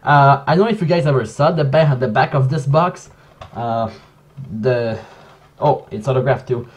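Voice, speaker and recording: A man who speaks English as a second language, giving a casual commentary vlog in a halting, self-correcting way. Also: mid-range voice. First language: not English. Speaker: video essayist.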